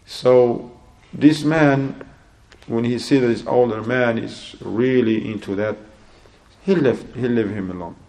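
An Islamic preacher with a mid-range voice gives a slow-paced religious sermon in non-native English, using Arabic religious terms. He tells a story and acts out both sides of a conversation in an animated, rising voice.

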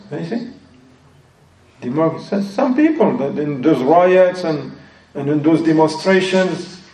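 An Islamic teacher with a warm, fairly high voice explains a religious text in English, his accent non-native, slipping often into Arabic phrases and recitation. The room is echoey and he sounds far away.

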